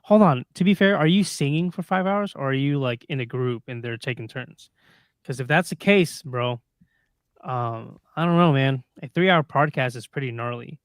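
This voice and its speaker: A man co-hosting a podcast in casual live-stream chat, excitable and slangy. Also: mid-range voice, moderate pace, no room sound, studio quality. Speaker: podcast co-host.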